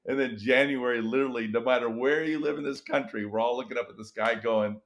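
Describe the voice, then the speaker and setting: A middle-aged man, an experienced educator, talking in a podcast interview and acting out tired teachers with big vocal swings. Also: fast. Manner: animated storytelling, acts out weary teachers with big pitch jumps. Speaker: guest educator and author.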